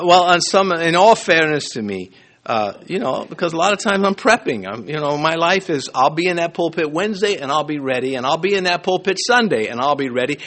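A pastor preaching an expository sermon in a conversational way, with humor and asides to the congregation. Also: male voice, fairly high pitch, a bit bright.

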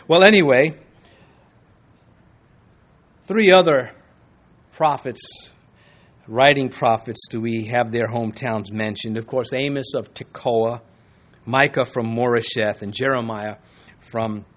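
A man's voice: mid-range voice, moderate pace. Folksy man teaching the Bible. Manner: conversational, folksy asides, frequent restarts. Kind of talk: sermon-style Bible teaching.

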